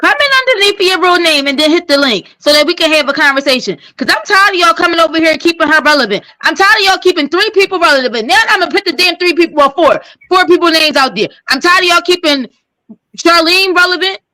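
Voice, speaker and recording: A woman's voice: very high-pitched, lively intonation, fast, pushed and bright, dry recording, low-quality recording. A woman hosting a casual livestream chat, blunt and heated, swearing freely. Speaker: livestream host.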